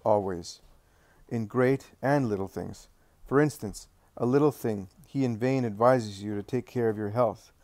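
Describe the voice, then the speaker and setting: Guy doing a kind calm teacher, dignified, dry close sound. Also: mid-range voice, no echo, lightly acted. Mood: encouraging. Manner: gentle, calm, encouraging. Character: gentle, joyful male teacher, dignified.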